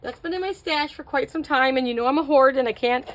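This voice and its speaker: Middle-aged woman, fairly high voice, casual craft tutorial host, chatty and self-mocking. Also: quick pace, a bit bright, a little hiss or hum. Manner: chatty, self-mocking, talks to viewers while working.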